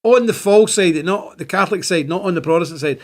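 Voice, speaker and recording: A man's voice: sits high, brisk. An older man with a Northern Irish accent hosting a livestream, rambling and laughing as he reads out the chat. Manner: rambling, animated, laughs between points. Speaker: show host. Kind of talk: livestream commentary reading chat.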